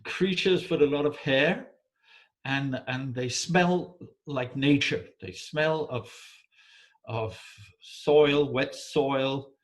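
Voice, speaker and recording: A Danish storyteller with a mid-range voice tells a folk tale in English, halting and repeating words as he goes. He often checks in with his listener during this oral folk storytelling.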